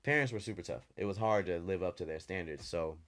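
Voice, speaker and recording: Deep-voiced man telling stories. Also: fast, a bit bright. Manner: storytelling, loose and candid. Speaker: podcast co-host. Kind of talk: casual chat.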